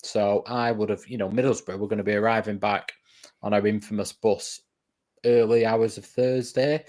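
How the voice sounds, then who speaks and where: A man co-hosts a football podcast in a relaxed, easygoing manner. His voice sits fairly low. He restarts his words with small stammers and often ends on a tag question. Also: normal speed. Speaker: podcast co-host. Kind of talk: casual football chat.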